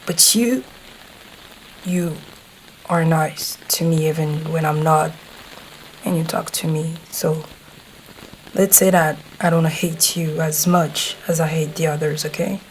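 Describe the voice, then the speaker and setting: A woman voice actor playing a gruff, hot-tempered teenage boy who swears, blusters and gets flustered, speaking to the listener in an audio role-play. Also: low voice, fairly even intonation, takes it slowly, pauses often, slight background noise, poor audio. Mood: grumpy.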